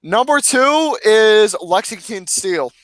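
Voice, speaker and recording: A man hosts a casual podcast, his voice pitched notably high. He reads list entries in a flat, deadpan way. The sound is dry and close, with no room around it. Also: slow pace, no echo. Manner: deadpan, reads lists with a straight face. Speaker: podcast host. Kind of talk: casual podcast chat reading out lists.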